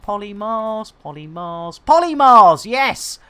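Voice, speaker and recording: A woman streams a game with jokey, rambling chatter and pet catchphrases. Her pitch swings widely, bouncing up and down as she talks. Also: big pitch swings, slow, a bit bright, clear, resonant tone. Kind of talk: game livestream commentary.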